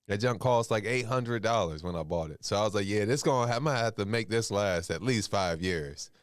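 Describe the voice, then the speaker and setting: A man with a lowish voice hosts a call-in podcast, chatting loosely with plenty of slang. The sound is dry and close, with no room around it. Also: brisk, no room sound. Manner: relaxed, rambling, slangy. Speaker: podcast host. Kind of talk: casual call-in chat.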